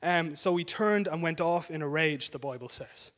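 High-voiced preacher, chatty. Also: male voice, normal speed, fairly bright tone. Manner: conversational preaching with frequent "yeah?" and restarts. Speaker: pastor. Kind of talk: sermon.

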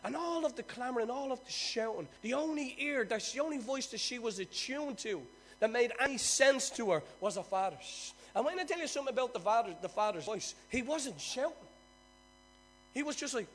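High-voiced Irish preacher. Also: male voice, animated, brisk, faint music behind. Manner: storytelling, swings between loud bursts and quiet asides. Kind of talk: sermon.

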